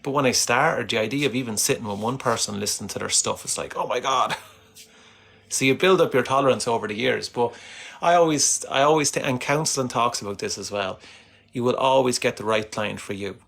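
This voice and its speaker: A man speaking as a guest in a casual conversation, reflective and measured, sometimes repeating words. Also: medium pitch, creaky, fairly bright tone.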